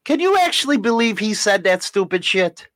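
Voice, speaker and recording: A man's voice: high-pitched, big pitch swings, normal speed, fairly bright tone, no echo. A man co-hosting a casual podcast with his wife, ranting and teasing with plenty of profanity. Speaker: podcast co-host. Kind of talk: casual banter.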